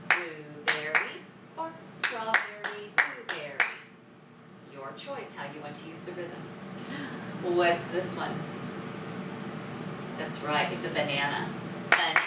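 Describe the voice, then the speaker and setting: A woman teaching a children's music lesson, cheerful and sing-song, clapping out the words as she goes. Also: low voice. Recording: roomy, distant mic, loud background noise.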